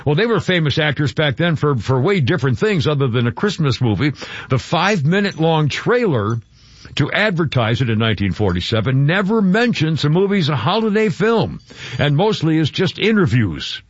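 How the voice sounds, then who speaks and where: A man hosting a casual radio show, chatty and quick to laugh, thinking aloud as he talks. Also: a little high, very animated, dry recording, muffled recording. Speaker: radio host.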